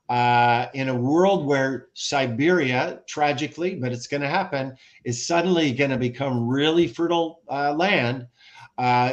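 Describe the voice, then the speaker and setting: An American man speaking as a podcast guest, explaining at length in an animated way, listing examples and often restarting his sentences. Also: mid-range voice. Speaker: guest, former ambassador and author. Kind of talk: conversational podcast interview.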